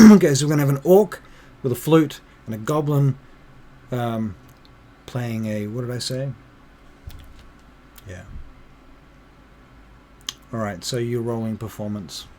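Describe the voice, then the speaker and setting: A man's voice: medium pitch, unhurried, long pauses, dark tone, a little hiss or hum. A man running a tabletop game as game master, narrating with lots of hesitations and ums. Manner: hesitant, full of ums, chatty.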